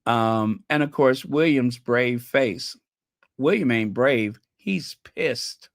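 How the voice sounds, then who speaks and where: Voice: mid-range voice, slow pace, dry recording, studio quality. A channel host chatting casually with viewers, teasing and gossipy, often trailing off while searching for names and laughing at their own jokes. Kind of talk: casual livestream chat.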